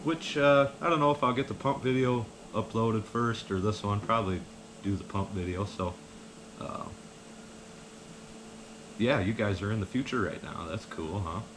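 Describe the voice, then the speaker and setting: A man's voice: lowish voice, moderate pace, background noise. A man telling a casual story to camera, rambling with lots of fillers and an easygoing manner. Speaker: vlogger.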